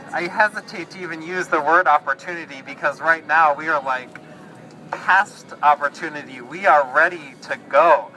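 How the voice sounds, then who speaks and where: Halting slow-talking man at a street rally. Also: a little high, sharp tone, a little hiss or hum, low-quality recording. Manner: halting, many fillers and restarts. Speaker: rally speaker. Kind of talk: speaking at an outdoor rally.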